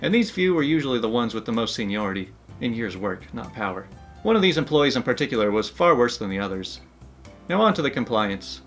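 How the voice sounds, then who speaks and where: This story-channel host reads online stories with a very animated, fairly bright medium-pitched voice and a fairly quick pace. He keeps things upbeat and chatty, breaking into laughter between asides while faint music plays underneath.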